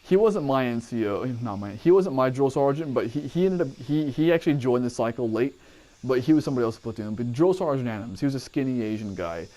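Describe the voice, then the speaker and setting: Man rambling through old army stories, swears a lot, middle-pitched voice. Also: animated, fast, warm tone. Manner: profane, digressive, rambling. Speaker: army veteran telling training stories. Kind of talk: casual storytelling to camera.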